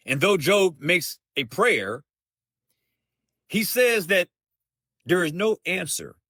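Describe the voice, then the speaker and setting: A man hosting a live Bible study, reading scripture aloud and explaining it in a slow, deliberate way, often restating himself. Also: a little high, pushed and bright, dry recording, studio quality. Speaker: host of a Bible study show.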